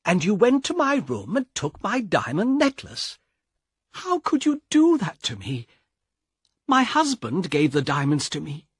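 A man reading an audiobook and voicing a frightened young woman who pleads with her brother, raising his voice high and bright. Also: breathy edge, no echo, clean studio sound, full character voice.

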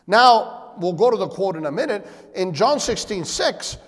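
A man preaching a sermon as pastor, asking rhetorical questions and calling for amens. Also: normal speed. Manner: animated, shifting pitch and volume. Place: church sanctuary. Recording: long hall reverb.

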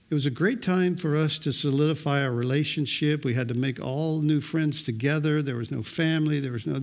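Pastor, male, middle-aged; sermon storytelling, dry humor, voice a bit high.

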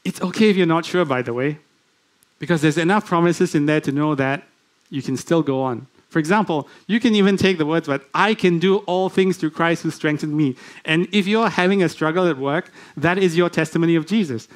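A man's voice: a little high, fairly quick. A man preaching a sermon in a church, speaking conversationally and putting many questions to the congregation. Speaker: guest preacher.

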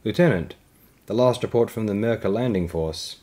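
A man plays a dutiful middle-aged starship captain reporting to his superior. He speaks formally, pitched a touch above his low narrating voice. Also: moderate pace, a little mellow, lightly acted.

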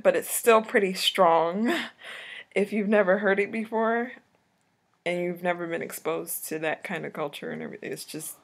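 A woman's voice: on the low side, gravelly, a bit bright. A woman from Jamaica with a Jamaican accent, explaining things casually to the camera in a chatty way. She laughs often and trails off mid-sentence. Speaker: vlogger teaching a lesson.

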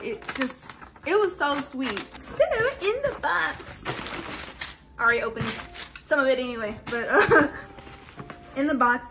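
A young woman talks through a hair tutorial in a casual, slangy, gushing way. Her voice sits a little high. Faint music plays behind her. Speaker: beauty vlogger.

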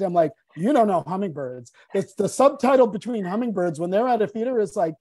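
Mellow-voiced, playful woman panelist. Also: medium pitch, brisk, few pauses, no room sound. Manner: animated, playful storytelling. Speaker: panel guest. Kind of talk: live panel conversation.

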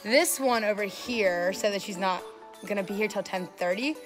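A woman's voice: mid-range voice, normal speed, faint music behind. A young woman vlogging in a car on a road trip, chatting casually and laughing as she tells stories. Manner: giggly, animated storytelling. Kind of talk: casual vlog chat.

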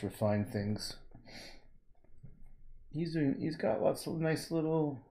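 A man's voice: on the high side, lively intonation, takes it slowly, long pauses, dark tone. Man muttering to himself while painting. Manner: muttering self-talk, scolding his own work. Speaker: painter streaming his work. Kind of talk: livestream commentary while painting.

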